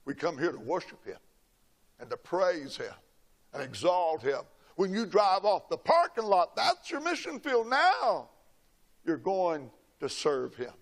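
A man's voice: high-pitched, very animated, measured pace. An older man, preaching a sermon and telling a personal story in a folksy, dramatic way. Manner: folksy, dramatic storytelling, shouting quoted lines.

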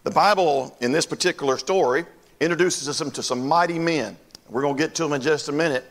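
An older North Carolina man preaches a sermon as the pastor, telling folksy stories and speaking directly to his congregation. His voice is on the high side and his delivery is brisk.

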